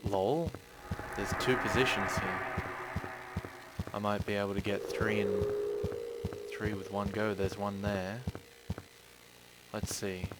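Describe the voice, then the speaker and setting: A man's voice: fairly low pitch, level tone, slow, long pauses. A man giving casual commentary while he plays a horror game, chatty and swearing often. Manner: chatty, swears often, bursts into loud yelps when startled. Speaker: gaming channel host. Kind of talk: casual let's-play commentary. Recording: clear background noise.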